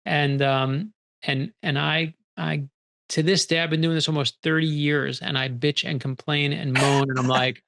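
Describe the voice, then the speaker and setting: Animated storytelling man, quick bursts. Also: fairly high pitch, creaky. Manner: energetic, animated, quick bursts when excited; acts out quoted dialogue in his stories. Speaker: guest author. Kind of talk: conversational storytelling.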